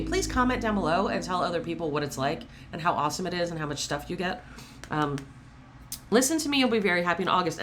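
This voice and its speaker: A woman's voice: on the low side, slight background noise. Chatty woman giving a casual tarot reading. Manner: chatty, animated, swearing casually. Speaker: tarot reader.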